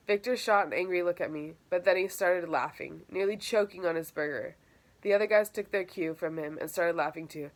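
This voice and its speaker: A woman reading a first-person audiobook with steady, matter-of-fact storytelling. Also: fairly low pitch, brisk. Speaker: audiobook narrator.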